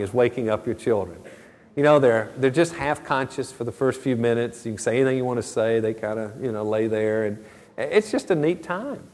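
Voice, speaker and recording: A middle-aged man preaching a sermon as a pastor, earnest and conversational, with storytelling asides. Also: medium pitch. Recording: long reverb of a large hall.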